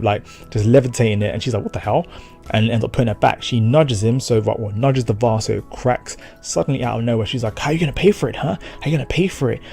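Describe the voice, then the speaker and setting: A man with a low, gravelly, mellow voice chats through an anime episode recap. He rambles, swears casually and acts out short lines of dialogue. Soft music plays faintly under him. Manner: rambling, slangy, with quick acted-out quotes and swearing. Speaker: anime reviewer.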